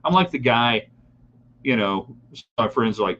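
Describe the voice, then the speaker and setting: A middle-aged man hosting a live sports talk broadcast, opinionated and animated as he reads listener comments and talks straight to his audience. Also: mid-range voice, moderate pace, husky, lo-fi sound. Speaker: sports talk show host.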